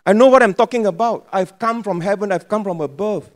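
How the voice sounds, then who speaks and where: A man's voice: sits high, fairly quick, pitched above the performer's own voice, natural voice. A man voicing an earnest divine figure who insists, repeating himself, that he comes from heaven, with a Penang accent. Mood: insistent. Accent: Penang English.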